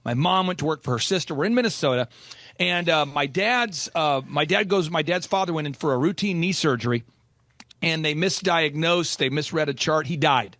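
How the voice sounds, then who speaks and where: A man's voice: fairly high pitch, moderate pace, a bit bright, no echo, studio quality. A middle-aged man from Oklahoma, a podcast host telling a personal story with energy and acting out the people he quotes. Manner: storytelling, acts out quoted voices. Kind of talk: animated storytelling in a podcast chat.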